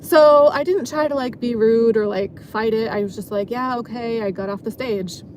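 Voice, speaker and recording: A woman's voice: fairly high pitch, steady tone, moderate pace, darkish tone, a little hiss or hum. A woman casually telling a long story from her job as a dancer, rambling and filling her sentences with "like". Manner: rambling, filler-heavy, frequent "like".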